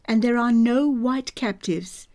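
A woman voicing a captured male frontier soldier who answers in flat, terse, guarded replies. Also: a little high, slow pace.

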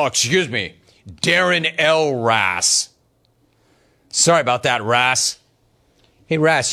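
A middle-aged man hosting a talk show, reading listener gripes aloud and teasing callers. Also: a little high. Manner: teasing, animated, mock-outraged. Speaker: radio talk show host. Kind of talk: reading listener messages on live radio.

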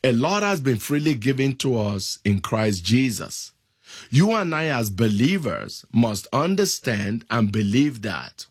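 A man preaching a sermon, reading scripture aloud in a slow, deliberate way. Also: medium pitch, slightly rough, no echo, clean studio sound.

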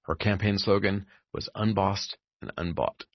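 A man hosting a podcast, giving calm, even scripted narration. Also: low voice, unhurried, no echo, muffled recording. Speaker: podcast host.

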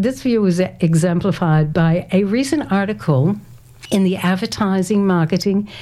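A woman's voice: on the low side, dark tone. A woman in her sixties, a guest in an interview, reminiscing in a thoughtful, hesitant way and laughing easily. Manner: thoughtful and hesitant, reads quotes aloud, laughs often. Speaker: interview guest, former community radio volunteer.

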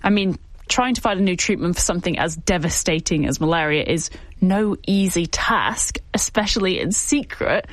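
A woman's voice: fairly low pitch, normal speed, no room sound. Inquisitive woman co-presenter, conversational, dry studio mic. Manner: curious, asks questions. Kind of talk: conversational radio documentary.

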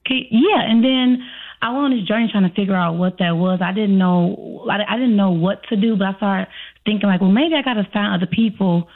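A woman's voice: mid-range voice, brisk. A woman from Chicago with a slight Chicago accent, a coach answering interview questions and acting out her own inner dialogue. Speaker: self-trust coach, guest. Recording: tinny phone-like line.

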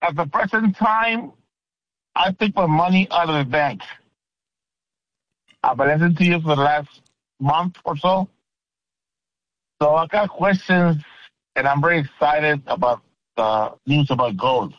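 Male radio caller, polite and eager, slightly high voice, muffled dry phone-in sound. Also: a little slow, long pauses, no room sound. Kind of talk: phone-in call.

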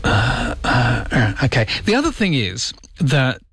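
A man's voice: medium pitch, sing-song, slow, fairly bright tone, breathy edge, no echo. Joking male radio host, dry studio. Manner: self-mocking, jokey. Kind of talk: casual on-air chat. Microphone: studio microphone.

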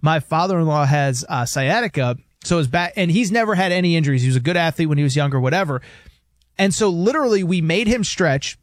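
Guy co-hosting sports radio, animated, kinda high voice, dry mic. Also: fast talker, no room sound. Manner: animated storytelling, mimics people. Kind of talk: casual sports radio chat.

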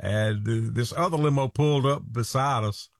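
A man's voice: mid-range voice, normal speed, dry recording, studio quality. A man hosting a radio show, telling folksy stories in casual chat. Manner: folksy storytelling. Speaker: radio host.

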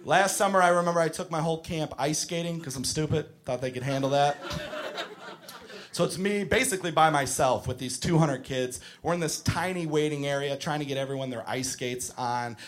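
A young man doing a stand-up comedy set, telling stories with animated, exasperated yelling and plenty of swearing. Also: on the high side, brisk. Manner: profane. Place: comedy club stage with audience. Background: audience laughter.

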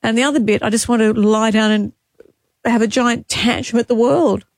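A woman's voice: fairly high pitch, steady tone, normal speed, vocal fry, no room sound. A woman, co-hosting a radio show and talking openly and tearfully. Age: 60s. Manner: emotional, tearful and candid. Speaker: radio co-host. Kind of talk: casual breakfast radio chat.

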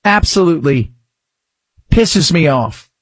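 A man's voice: on the high side, lively intonation, slow pace, slightly rough, no echo. A man hosting a talk radio show, ranting with sarcasm and exasperation, then reading ads in the same voice. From United States. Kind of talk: opinionated talk radio monologue and host-read ads.

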